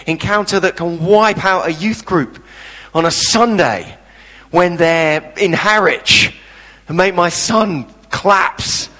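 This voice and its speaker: A man's voice: on the high side, sharp tone. A man preaching a sermon, impassioned and emphatic with blunt everyday turns of phrase. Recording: reverberant hall.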